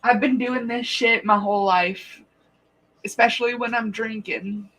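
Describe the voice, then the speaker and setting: A woman's voice: fairly high pitch, steady tone, measured pace, a bit bright, slight background noise, rough recording. A woman chatting on a casual livestream from home, swearing freely and laughing often as she tells stories. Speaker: livestream host.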